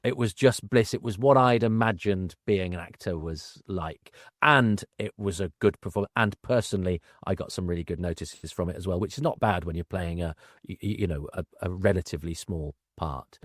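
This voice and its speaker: A man's voice: low-pitched, normal speed, no room sound, clean studio sound. Wry, self-deprecating man telling stories. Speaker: podcast guest, actor. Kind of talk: conversational anecdote-telling.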